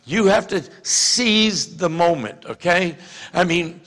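Man, pastor, Louisiana accent, high voice, loose restarting sermon talk, long church reverb. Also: expressive, slow. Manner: conversational preaching with many restarts, rising to shouts.

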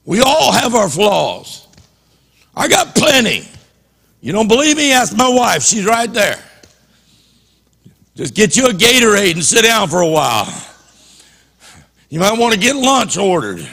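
A man's voice: sits high, very animated, a little slow, gravelly, pauses often, a bit bright, slightly rough, long reverb tail. A man preaching a passionate sermon as a pastor in a church, often repeating and restarting his words.

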